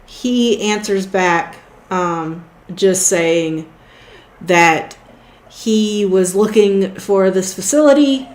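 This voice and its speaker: A woman narrating as game master of a tabletop game, slow and hesitant with fillers. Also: medium pitch, darkish tone. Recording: roomy echo.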